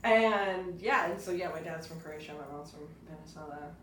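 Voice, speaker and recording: A woman's voice: fairly low pitch, normal speed, fairly bright tone, far from the mic. A young woman, a stand-up comedian, chatting casually as a podcast guest, laughing often and using lots of fillers. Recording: roomy echo, voice off-mic, faint noise.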